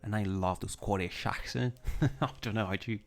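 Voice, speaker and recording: A livestream host whose first language is French chats casually, reading viewer comments and answering them, rambling and restarting his sentences. His voice is fairly low with vocal fry and a steady tone at normal speed, and faint music plays behind him.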